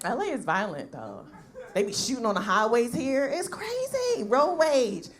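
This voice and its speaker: A brash woman comedian riffs through her stand-up set, swearing freely and checking in with tag questions. Her voice sits fairly high and moves with a lot of lively pitch. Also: moderate pace. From New York.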